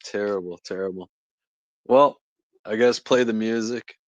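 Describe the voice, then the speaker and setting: A young man chats loosely with his stream audience, laughing between remarks and answering the chat as he goes. He speaks into a phone mic with a lowish voice, and the sound is dry, with little room echo. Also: steady tone, measured pace, dull audio. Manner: chatty, laughs often, reads and answers chat. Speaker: stand-in stream host. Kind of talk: casual live-stream chat. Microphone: phone microphone.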